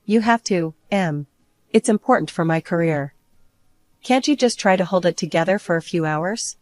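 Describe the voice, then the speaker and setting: A woman's voice: lowish voice, lively intonation, moderate pace, lightly acted. A woman voicing a controlling adult husband who talks in a firm, clipped, scolding way in a storybook narration. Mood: stern.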